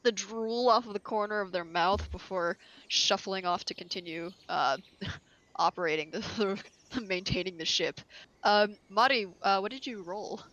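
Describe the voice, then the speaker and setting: A woman's voice: medium pitch, a bit bright, lo-fi sound. A woman narrating as game master of a tabletop role-play, rambling with many fillers and easy laughs.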